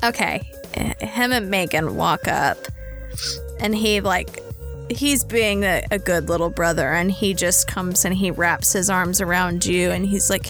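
A woman's voice: on the low side, unhurried, fairly bright tone, faint music behind. A young adult woman narrating a tabletop role-playing game as game master, casual and rambling.

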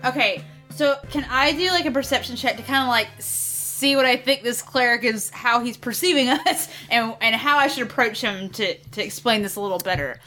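A woman playing a tabletop game, chatting casually and bubbly, quick to laugh. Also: fairly high pitch, pushed and bright, faint music behind. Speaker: player. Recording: faint background noise.

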